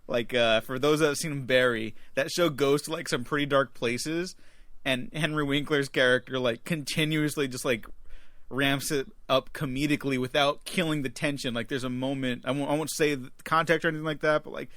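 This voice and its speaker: A man co-hosts a movie review podcast with a dry, sarcastic wit and a loose, filler-heavy way of talking. His mid-pitched voice sounds close and dead dry, with no room sound. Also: steady tone, brisk, fairly bright tone, dry recording. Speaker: podcast co-host. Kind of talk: casual movie review chat.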